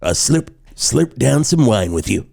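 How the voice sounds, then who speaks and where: A man's voice: mid-range voice, big pitch swings, unhurried, creaky, darkish tone, dry recording, clean studio sound. A man hosting a comedic morning radio show, stumbling over words and flustered.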